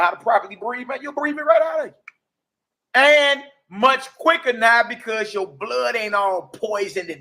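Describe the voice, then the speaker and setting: A man in his forties giving a casual, preachy testimony as a livestream host, slangy and animated, often asking "you dig?". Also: sits high. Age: 40s.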